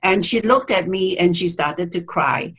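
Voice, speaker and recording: A woman therapist, interviewed over a video call, tells a story about a client, reflecting aloud with hesitant restarts and quoted dialogue. Her voice is on the low side, husky, fairly bright and unhurried, and the video call mic gives poor audio.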